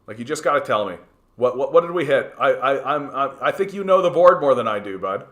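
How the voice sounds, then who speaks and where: A man hosting a livestream and answering his chat. He is heated and fired up, swears often and keeps stumbling over restarts with lots of "uh". His pitch sits in a plain middle range. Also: expressive, fairly quick, fairly bright tone. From Canada. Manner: swears freely. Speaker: political livestream host. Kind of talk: livestream commentary reading chat.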